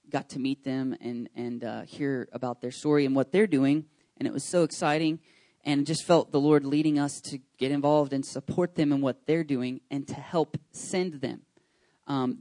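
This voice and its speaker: A man's voice: fairly high pitch, dry recording. A pastor in his thirties making casual, rambling church announcements with lots of fillers and an enthusiastic tone. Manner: chatty, rambling with many fillers and restarts; enthusiastic, excitable. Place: church service.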